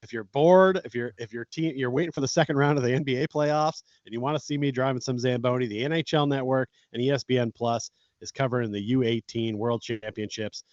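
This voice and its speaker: A man's voice: medium pitch, fairly quick, hardly any pauses, darkish tone, no echo. A man co-hosting a casual sports podcast, talking bluntly and swearing as he vents. His voice sits mid-range, and the recording is dry and a little muffled, like a cheap home mic. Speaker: podcast co-host. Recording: dull dry lo-fi sound.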